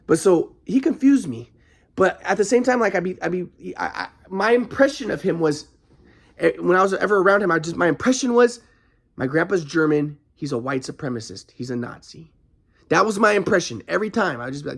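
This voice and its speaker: A man talking in a casual monologue, rambling with frequent restarts and halting stops, at times flaring into anger. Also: sits high, lively intonation, vocal fry, husky. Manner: flares into anger.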